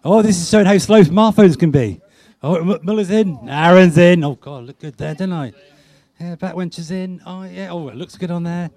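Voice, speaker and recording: A high-voiced man runs a lively tech meetup game. He talks in excited bursts, laughs easily, and fires off quick countdowns. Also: no room sound. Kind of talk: lively game-show style hosting.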